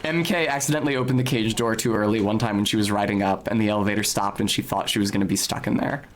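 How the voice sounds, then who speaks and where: A man's voice: fairly low pitch, steady tone, quick pace, a little hiss or hum. A man streaming a video game, narrating his play in a wry, casual way and swearing now and then. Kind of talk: casual gameplay commentary.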